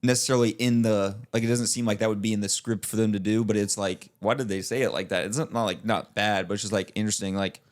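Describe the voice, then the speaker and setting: A man's voice: lowish voice, steady tone, fast talker, few pauses. A young man co-hosting a podcast, chatting casually and rambling with lots of filler words. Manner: rambling, many filler likes and restarts, laughs often. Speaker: podcast co-host. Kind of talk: casual chat.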